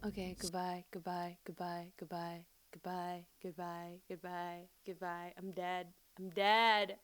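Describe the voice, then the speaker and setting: A young woman streaming live and reacting, excitable and gushing, swearing often. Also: lowish voice, unhurried, slight background noise. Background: faint music.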